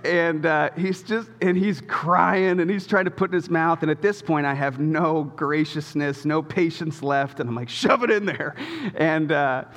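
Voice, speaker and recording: A male pastor in his thirties delivering a sermon in a church auditorium, his voice a touch higher than most men's. He tells a family story casually and with animation, poking fun at himself, and a long reverb from the hall hangs on each phrase. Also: fairly even intonation, moderate pace, hardly any pauses, fairly bright tone.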